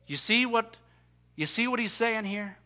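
A man's voice: sits high, animated, unhurried, sharp tone, highs cut off. A man preaching a sermon emphatically, voicing scripture in the first person. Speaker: pastor.

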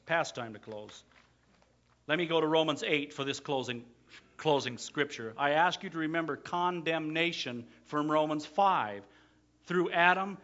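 A man's voice: a little high, muffled recording. Emphatic man preaching a sermon. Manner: preaching, swings from quiet asides to loud emphatic declarations. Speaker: pastor.

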